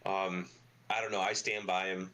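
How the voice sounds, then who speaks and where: Middle-aged man telling rough, swearing stories. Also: low voice, level tone, normal speed, sharp tone, slight background noise. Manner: swears freely, rambling anecdotes with lots of fillers. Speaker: podcast guest, car parts business owner. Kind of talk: casual storytelling interview.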